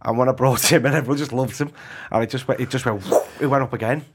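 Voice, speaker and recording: A young man with a Liverpool accent, a comedian guest chatting casually, animated and laughing often as he jokes. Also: medium pitch, fast talker, background noise. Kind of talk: casual chat.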